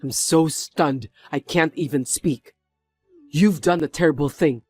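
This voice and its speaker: A man's voice: a little high, moderate pace, darkish tone, soft background music, natural voice. A man playing a stern, reproachful young executive. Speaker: company executive, the son.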